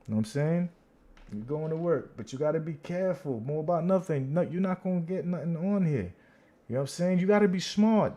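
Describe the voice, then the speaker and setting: A man in a casual livestream, taunting and teasing his viewers. His delivery is brash and full of slang, and he keeps calling people out directly. His voice sits at a middling pitch for a man. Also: warm tone. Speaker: livestream host.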